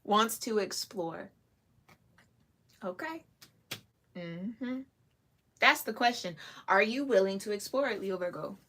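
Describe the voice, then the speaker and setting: With a mid-range voice, a woman reads tarot slowly to camera, leaving long pauses, while a faint hiss or hum sits in the recording. Working solo, she's casual and chatty, giggles a lot, and drops in lively asides.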